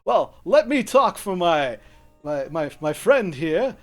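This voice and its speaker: A man doing a gruff grumpy dwarf. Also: high-pitched, big pitch swings, soft background music, full character voice. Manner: curt, swearing, slow deliberate delivery. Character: gruff grumpy male dwarf, crude and blunt. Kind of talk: tabletop role-play voice.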